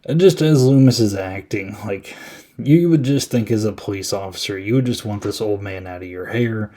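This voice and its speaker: A man's voice: fairly low pitch, normal speed, warm tone. A young man hosting a podcast, casually recapping a horror film in a rambling, amused way that corrects itself as he goes. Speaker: podcast host. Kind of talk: casual movie review recap.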